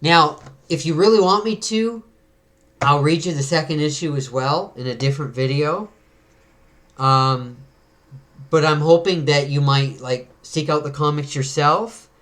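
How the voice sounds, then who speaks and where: A man's voice: a little high, a little slow, fairly bright tone. A man hosting a comic book video, reading a comic aloud and chatting casually with fillers and little chuckles.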